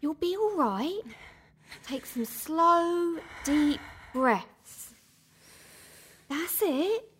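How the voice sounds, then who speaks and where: An actress playing an unflappable spa worker with a dry, new-agey manner in an audio drama. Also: female voice, high voice, big pitch swings, a little slow, a little hiss or hum. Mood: calm. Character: calm, sardonic spiritual spa worker woman. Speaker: spa employee.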